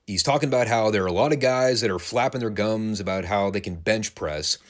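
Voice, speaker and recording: A man giving a casual recap of old wrestling shows, animated, laughing and swearing freely. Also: on the low side, a little fast. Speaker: wrestling show reviewer.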